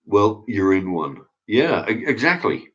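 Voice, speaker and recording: Reading out viewer comments on his channel, a male host rants through a casual opinion chat with blunt, profane talk. He sounds very animated yet unhurried, with a lowish, slightly rough voice, captured in dull lo-fi audio.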